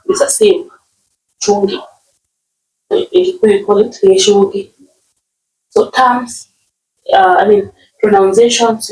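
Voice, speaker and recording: Lively, gravelly Kenyan woman teaching. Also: on the high side. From Nyeri, Kenya. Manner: repeats words, often asks "okay?". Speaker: language teacher. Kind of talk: casual vocabulary lesson. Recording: roomy, distant mic.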